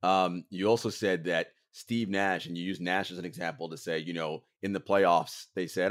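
A podcast host in casual conversation, murmuring along often and laughing easily. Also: male voice, low-pitched, steady tone, normal speed, hardly any pauses.

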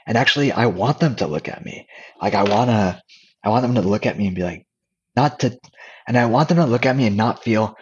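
A man talking candidly and casually as a podcast guest, relaxed and full of restarts. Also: fairly low pitch, a little fast, dull audio, a little hiss or hum. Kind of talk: casual conversational storytelling.

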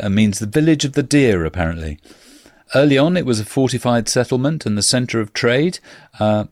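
A man hosts a relaxed podcast and works through a list of local facts, dropping in filler sounds and wry jokes. His voice sits a little low. The recording is dry and close, with no room sound. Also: no room sound. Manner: reads facts steadily with frequent "uh" fillers and dry asides. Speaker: podcast host. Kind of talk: casual podcast chat, reading out facts.

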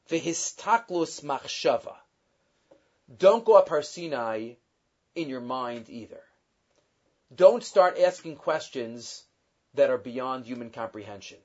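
A man giving a weekly Torah class, quickly reading Hebrew sources and explaining them in English with lively emphasis. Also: fairly high pitch, highs cut off. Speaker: Torah teacher.

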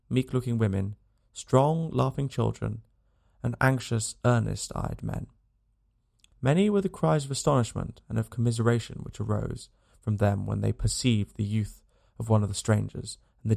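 Male audiobook narrator, strongly gravelly tone, measured and scripted. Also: mid-range voice, darkish tone.

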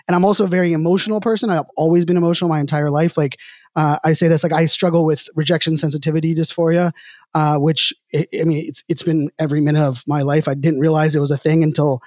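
A man's voice: fairly high pitch, darkish tone, no echo, studio quality. A middle-aged man telling stories as a podcast guest in a casual, rambling way, leaning on the word "like" again and again. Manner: rambling, heavy use of filler "like". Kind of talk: casual conversational storytelling.

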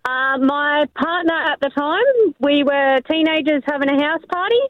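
A woman's voice: high-pitched, unhurried. A woman calling into a radio show, telling a story in a matter-of-fact way. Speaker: caller. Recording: tinny phone line.

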